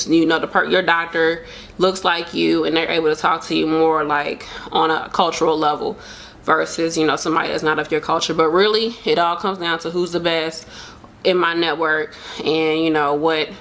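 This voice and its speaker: A woman's voice: sits low, a bit bright. A young woman chatting casually to camera about her pregnancy, open and emotional, rambling with lots of fillers. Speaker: vlogger sharing a pregnancy update.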